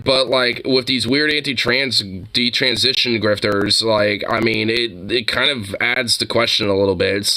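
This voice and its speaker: A man co-hosting a casual reaction commentary, excitable and profane, with lots of "like" fillers. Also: on the low side. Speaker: co-host reacting to videos.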